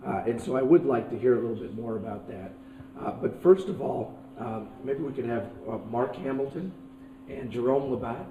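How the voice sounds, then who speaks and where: A man's voice: medium pitch, moderate pace, narrow, tinny audio, slight background noise. A man who has lost his voice, moderating a conference fireside chat. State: lost voice, hoarse. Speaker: CEO moderating a panel. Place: conference stage. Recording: distant mic in an echoey hall.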